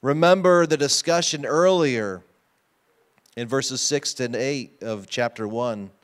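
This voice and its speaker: A man's voice: medium pitch, slow pace. A pastor preaching a sermon to his congregation, emphatic and often asking them questions. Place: church sanctuary.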